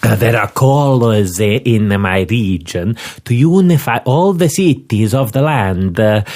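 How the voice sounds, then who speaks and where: A man voicing a pompous male Italian police inspector in a put-on Italian accent, speaking slowly and haltingly with many pauses. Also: mid-range voice, expressive, a little mellow, natural voice. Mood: earnest. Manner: slow, halting, full of uh pauses.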